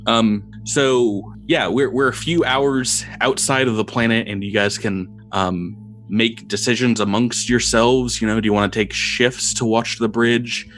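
A man narrating a tabletop game as game master, describing scenes with frequent pauses and repeated words. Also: medium pitch, fairly even intonation, fairly bright tone, soft background music. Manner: descriptive, halting with fillers and repeats.

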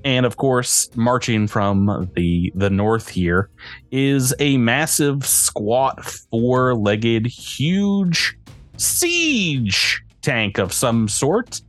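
A man narrating a tabletop role-playing game as game master, playful and animated. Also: mid-range voice, extremely slow, soft background music.

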